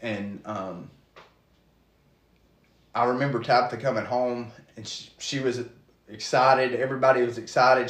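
A man giving an earnest, halting testimony of his call to preach, full of restarts. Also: mid-range voice, a bit bright, reverberant. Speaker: guest preacher. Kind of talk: testimony in casual conversation.

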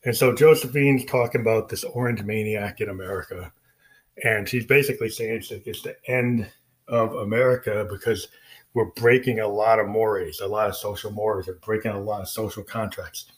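A man's voice: fairly low pitch, steady tone, moderate pace. A man who is a musician, talking casually and rambling about his music with many fillers and restarts. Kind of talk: casual spoken explanation.

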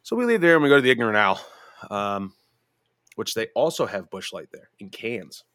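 Young man, podcast host, low voice, dry close sound, swears freely, rambles, laughs through his stories. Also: big pitch swings, a little fast, a bit bright, dry recording. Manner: rambling, profane, laughing, restarts often. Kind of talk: casual storytelling chat.

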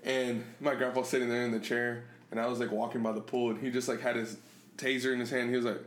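A man's voice: medium pitch, level tone, fast talker. A man co-hosting a podcast, telling stories in rambling casual chat full of fillers and laughter. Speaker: podcast co-host. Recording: echoey room with faint noise.

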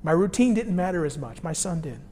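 A male pastor preaching a sermon, telling a personal story with animated swings between quiet, low moments and loud bursts. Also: a little fast, big-room sound, slight background noise.

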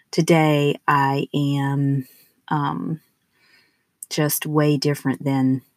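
A woman in her forties with a Southern US accent, hosting a spiritual podcast in a soft, affirming, unhurried monologue. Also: deep voice, no echo. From southern United States. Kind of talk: gentle personal monologue.

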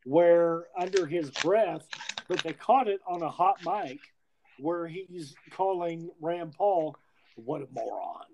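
Man, podcast host, casual, rambling, salty language, fairly high-pitched voice. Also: slow pace, darkish tone, slight background noise, poor audio. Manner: rambling, profane, frequent restarts. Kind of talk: casual chat.

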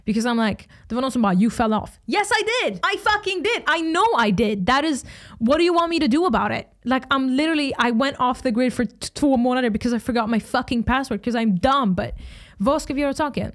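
Casting: hoarse young Swedish woman, casual host chat, salty and animated. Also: sits high, fast talker. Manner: switches between English and Swedish, swears often, animated outbursts. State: hoarse from screaming. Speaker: podcast host.

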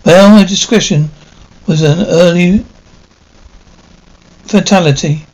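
An older actor playing a melancholy aging stage star in a 1950s television drama, talking in a wistful, theatrical way. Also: male voice, sits high, slow, a little mellow, rough recording. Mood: weary, melancholy. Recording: faint hiss of an old TV soundtrack.

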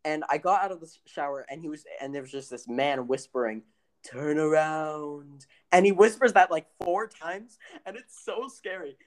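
A young man co-hosting a casual podcast, excitable and rambling, often giggling as he tells stories. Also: fairly high pitch, fairly quick, hardly any pauses. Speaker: podcast co-host. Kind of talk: casual joking podcast chat.

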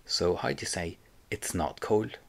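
A man leads a spoken lesson, his voice sitting fairly low. He takes it very slowly, patiently drilling each phrase and leaving gaps for the listener to repeat. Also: vocal fry. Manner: patient, slow drilling with pauses for repetition. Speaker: Irish language teacher. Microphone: close mic, home recording.

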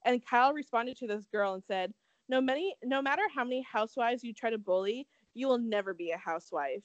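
Brisk and on the high side, this woman in her twenties co-hosts a podcast full of casual, gossipy, profane chatter and plenty of laughs. The audio sounds muffled.

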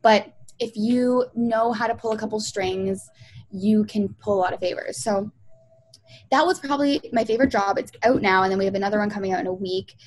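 A woman's voice: medium pitch, brisk, rough recording. A young woman, a music video producer, chatting in a casual interview and telling stories with lots of fillers and acted-out quotes. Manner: chatty storyteller, many fillers, acts out quotes.

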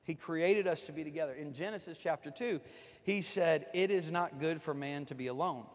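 Man, pastor, high-pitched, folksy and joking in his sermon, church hall with a long echo. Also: moderate pace. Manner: folksy, joking, talks to the congregation. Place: church sanctuary, on the platform.

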